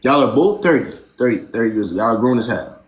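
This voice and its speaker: A man's voice: medium pitch, animated, fast. A man hosting a live stream, giving blunt relationship advice and driving his points home with "right?".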